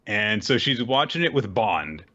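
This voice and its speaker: A man co-hosting a casual manga recap podcast, retelling chapters with animated jumps into high character voices and frequent laughter. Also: a little slow, lo-fi sound. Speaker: podcast co-host.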